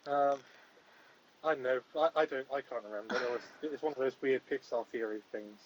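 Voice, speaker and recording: A man's voice: medium pitch, fairly quick, rough recording. A man hosting a comedic podcast in the role of a mock judge, speaking in a mock-stern, bossy and dry way. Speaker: host playing a mock judge.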